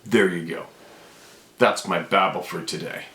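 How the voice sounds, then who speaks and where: A deep-voiced man speaks straight into his camera, hammering his points home and repeating them as he grows more fired up. The room around him rings with a noticeable echo. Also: measured pace, long pauses, fairly bright tone, slight background noise. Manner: fired-up, emphatic, repeats himself. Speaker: channel host. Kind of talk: impassioned unscripted rant to camera.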